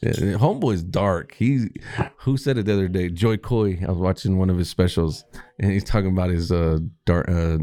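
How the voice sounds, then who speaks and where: A man's voice: sits low, moderate pace, dark tone. A man hosting a podcast, chatting casually and playfully and laughing often. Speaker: podcast host. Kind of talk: casual chat.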